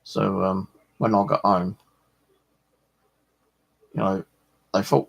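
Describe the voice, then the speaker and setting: A middle-aged man talks in a deep, gravelly voice with a husky edge. He rambles in a loose, chatty way and swears freely as he tells his stories. He sounds like the relaxed host of a fishing vlog. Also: slow pace, pauses often, low-quality recording. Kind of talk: rambling casual chat.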